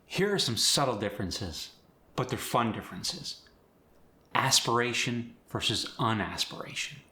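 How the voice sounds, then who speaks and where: Slow-talking man teaching accents. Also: medium pitch, bright, forceful tone, echoey room. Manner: demonstrates sounds by contrasting words. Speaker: accent coach. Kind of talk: accent tutorial.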